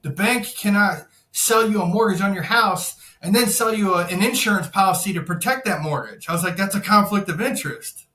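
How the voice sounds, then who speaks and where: High-pitched, bright-voiced profane man. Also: a little fast, reverberant. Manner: profane, animated storytelling, acts out quotes. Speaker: podcast guest, insurance broker. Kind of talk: casual storytelling.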